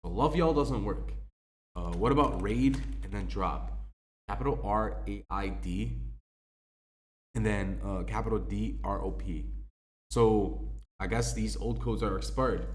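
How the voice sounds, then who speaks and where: Low-voiced young man spelling game codes. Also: a little hiss or hum. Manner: spells out codes letter by letter, chatty with many ums. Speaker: gaming YouTuber. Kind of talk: casual game code walkthrough.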